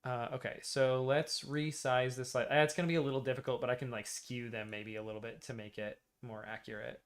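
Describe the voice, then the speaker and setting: A man's voice: mid-range voice, little pitch movement, fairly quick. An American man streaming, casually arguing and explaining vowel pronunciations with repeated demonstrations.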